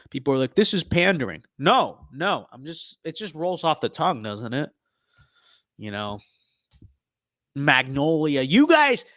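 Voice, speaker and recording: A young male streamer giving ironic, blustering commentary as he plays. His pitch sits slightly high and bounces around a lot, and the sound is dry and close. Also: fairly bright tone, no room sound. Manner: mock-political bluster, ironic, repeats catchphrases. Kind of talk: casual gameplay commentary.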